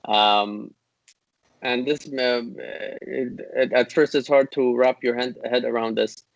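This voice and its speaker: A man's voice: mid-range voice, fairly even intonation, creaky, no room sound, muffled recording. Man teaching grammar over a video call. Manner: hesitant, many fillers and restarts, explains patiently; recites classical Arabic text in rapid bursts. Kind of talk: online class lecture.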